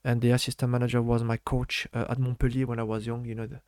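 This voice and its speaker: A middle-aged man from France with a French accent, recalling his football career in halting English full of fillers during a casual interview. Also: medium pitch, level tone, a little mellow, clear, resonant tone, no room sound, studio quality. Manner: halting non-native English with many fillers. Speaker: former footballer guest.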